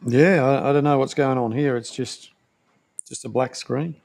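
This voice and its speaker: Host, male, relaxed casual chat, gravelly edge to the voice. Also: mid-range voice, normal speed. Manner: relaxed, short agreeing replies. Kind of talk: casual chat on a live stream.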